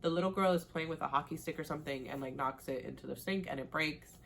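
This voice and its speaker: A woman's voice: low voice, quick pace, vocal fry, a little hiss or hum. A young woman chatting casually as she recaps a TV show, laughing at herself and acting out the characters' lines. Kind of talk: casual recap with acted-out quotes.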